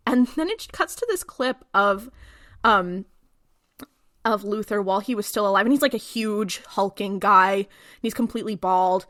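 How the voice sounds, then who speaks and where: A woman co-hosting a podcast, recapping a TV episode in a casual, animated way and acting out the characters' lines. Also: medium pitch, moderate pace, no echo, clean studio sound. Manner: animated retelling, acts out quotes. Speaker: podcast co-host.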